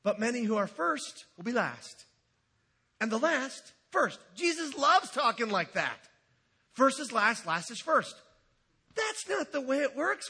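Male preacher, high husky voice, lively and joking, bright tone. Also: measured pace. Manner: animated, jokey, acts out quotes. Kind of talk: humorous sermon.

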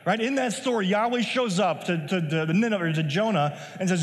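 A man's voice: high-pitched, fairly quick, few pauses, in a large hall. A man giving a casual, conversational sermon as pastor, wandering into asides and restarting his sentences. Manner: conversational, digressive, many restarts.

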